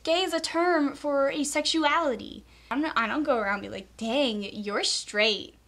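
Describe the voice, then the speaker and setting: Young female vlogger, high voice, fed-up ranting tone, acts out annoying people. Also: animated, brisk, a bit bright. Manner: exasperated, mocks others in quoted voices. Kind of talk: casual rant to camera.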